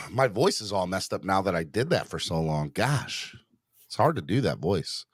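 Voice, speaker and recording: A man hosting a sports podcast in casual chat, rambling and excitable, often restarting his sentences. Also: low voice, a little slow, breathy edge, dry recording, studio quality. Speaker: podcast host.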